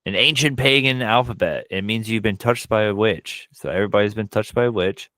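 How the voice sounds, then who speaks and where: A man co-hosting a podcast, casually recapping a horror film with animated bursts, quoted lines and frequent swearing. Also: lowish voice, a little fast, no room sound. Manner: frequent profanity. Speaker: podcast co-host. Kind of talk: casual movie recap chat.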